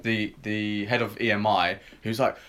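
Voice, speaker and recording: Low-voiced relaxed podcast host. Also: male voice, normal speed. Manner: relaxed, steers the talk to the next topic. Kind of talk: casual chat.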